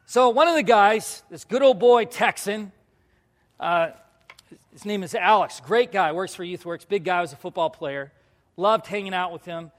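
A high-pitched man preaching a personal testimony as a youth pastor. He tells the story with animation, jumping from loud bursts to quiet, hushed asides. His voice carries a long reverb from a large church hall. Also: moderate pace. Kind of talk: sermon testimony to a congregation.

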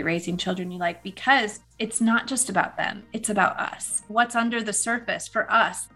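A woman's voice: medium pitch, a bit bright. Appreciative woman podcast host, gushing delivery, faint music under her. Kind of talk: casual podcast chat.

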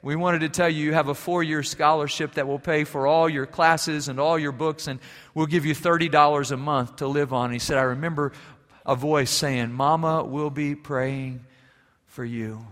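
Pastor preaching in a reverberant hall. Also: male voice, a little high, flat delivery, normal speed. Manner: storytelling, varies between quiet and emphatic. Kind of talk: sermon.

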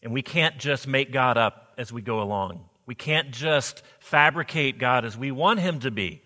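A man's voice: mid-range voice, expressive, moderate pace, bright, forceful tone. A man preaching a sermon as pastor, earnest, often asking the congregation rhetorical questions. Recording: long hall reverb.

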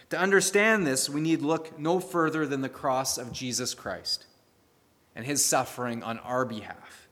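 A man's voice: on the high side, a bit bright. A man preaching a sermon and telling a fable in an earnest storytelling way, with a long hall echo around him.

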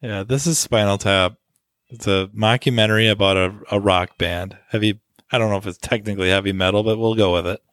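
A man's voice: lowish voice, steady tone, brisk, fairly bright tone, dry recording, clean studio sound. A man co-hosting a podcast about the auto repair trade, talking in a loose, rambling way with lots of "you know" fillers. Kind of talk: casual discussion.

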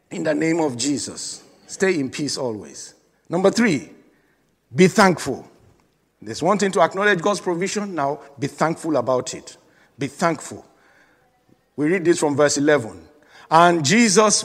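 Emphatic preacher in a big reverberant hall. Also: male voice, fairly high pitch, lively intonation, measured pace, pauses often, husky. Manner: emphatic preaching with repeated calls and congregation prompts. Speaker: pastor. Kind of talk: sermon.

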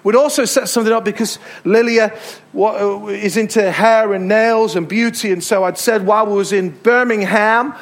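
An English man preaching from the pulpit with a high-pitched voice. He tells stories in a lively way and hammers home his points by repeating them. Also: normal speed, hardly any pauses. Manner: storytelling, emphatic repetitions. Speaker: pastor. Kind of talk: sermon. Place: church hall.

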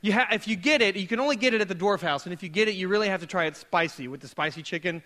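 Man preaching, thirties, high bright voice, storytelling with jokes to a congregation. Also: racing. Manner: casual, joking, animated storytelling. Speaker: pastor. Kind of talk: conversational sermon with humor. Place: church hall before a live audience.

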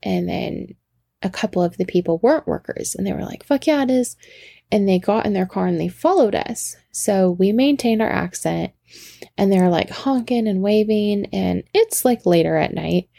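A woman's voice: mid-range voice, moderate pace, creaky, dark tone, dry recording. A woman in her thirties, a podcast host, telling a rambling casual story and interrupting herself with asides. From Washington state.

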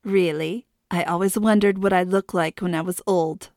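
A woman narrating a storybook voices a cheerful middle-aged mother who teases and gently probes her daughter. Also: fairly low pitch, fairly even intonation, normal speed, dry recording, clean studio sound, close to an everyday voice. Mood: teasing.

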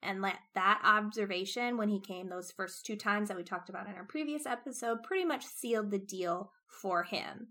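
A woman's voice: mid-range voice, normal speed, few pauses, sharp tone. A woman co-hosting a casual book discussion podcast, explaining and correcting details. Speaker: podcast co-host.

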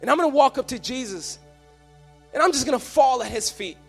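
A man's voice: extremely high pitch, lively intonation, fairly quick, vocal fry, husky, faint music behind. A man preaching a live sermon in a church, passionate and emphatic, telling vivid stories to his congregation. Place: church sanctuary.

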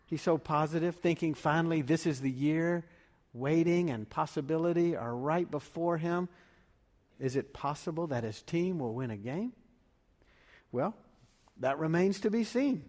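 A man delivering a sermon as pastor, measured and full of rhetorical questions. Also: a little high, a little mellow. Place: church sanctuary. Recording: long reverb of a large room.

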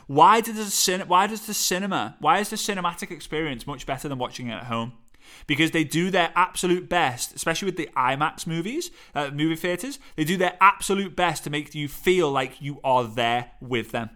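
A man with a Liverpool accent coaching on storytelling in a lively, playful way that swings his voice high and low, talking into a microphone. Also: brisk. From Liverpool, England. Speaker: speaking coach. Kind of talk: energetic teaching talk. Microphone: studio microphone.

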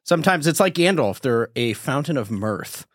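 A man's voice: medium pitch, animated, moderate pace, no room sound, clean studio sound. A man hosting a podcast, earnestly addressing his listeners directly as he introduces the episode. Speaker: podcast host.

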